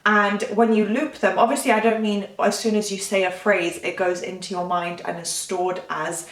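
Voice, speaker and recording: Woman, vlogging coach, chatty and self-correcting, mid pitch, roomy distant sound. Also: flat delivery, moderate pace. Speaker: manifestation coach. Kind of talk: casual talking-head advice.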